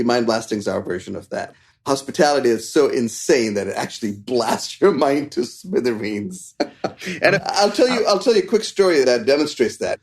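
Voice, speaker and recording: A man from India, a chef telling stories as an interview guest, animated and quick to laugh. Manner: animated, laughs often, shifts pitch for quoted voices. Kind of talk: casual interview storytelling.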